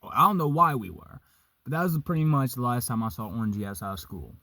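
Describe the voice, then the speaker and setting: A young man casually telling a story, profane and animated, vaping as he talks. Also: mid-range voice, a little fast, dry recording. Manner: vaping while talking.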